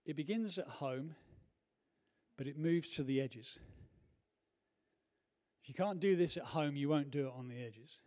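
A man preaching a sermon in a church, telling a personal story earnestly, moving from hushed to loud. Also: on the high side, a little slow, pauses often.

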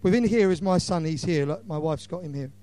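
Impassioned male preacher, mellow voice. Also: on the high side, a little fast. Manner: impassioned, swings between loud and hushed. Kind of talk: evangelistic sermon.

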